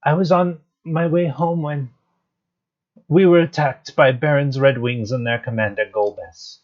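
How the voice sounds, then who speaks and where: A man reading the lines of a gentle young princess from a game, softly. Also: a little high, fairly even intonation, a little slow, voice pushed up, close to an everyday voice. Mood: tender. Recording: dull lo-fi stream audio, faint guitar music.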